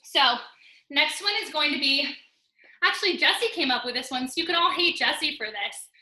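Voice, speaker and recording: Female fitness instructor, high and very bright, upbeat countdowns, a bit winded, echoey room. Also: normal speed. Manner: upbeat coaching, counting down reps, joking asides. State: out of breath. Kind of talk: live online workout class instruction. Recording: roomy echo.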